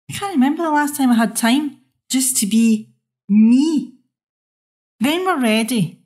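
A woman's voice: high-pitched, animated, unhurried, long pauses. A young Scottish woman, a mother, telling a frustrated monologue in an exasperated, ranting way. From Scotland. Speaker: mother telling her story.

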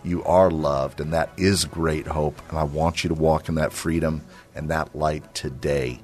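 A man's voice: a bass voice, fairly even intonation, measured pace, soft background music. A middle-aged man hosting a Christian radio podcast, speaking in an earnest, affirming way and urging listeners like a preacher. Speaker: radio and podcast host, ministry leader. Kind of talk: Christian encouragement talk with a closing exhortation.

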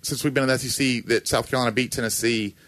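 A man's voice: medium pitch, very fast, dry recording. A man in casual chat, a former college kicker telling stories with jokes and acted-out quotes. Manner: animated storyteller, joking, acts out quotes.

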